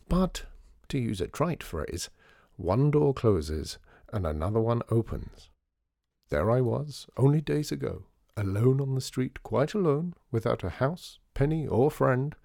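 A man voicing a charming, smooth-talking showman in a storybook reading, theatrical and persuasive. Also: mid-range voice, very animated, unhurried, mellow, no echo, studio quality, voice pushed up, full character voice. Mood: conspiratorial.

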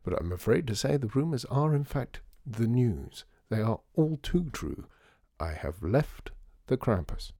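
A man voicing a charming, smooth-talking showman in a storybook reading, theatrical and persuasive. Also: mid-range voice, big pitch swings, normal speed, few pauses, dark tone, dry recording, clean studio sound, voice pushed up.

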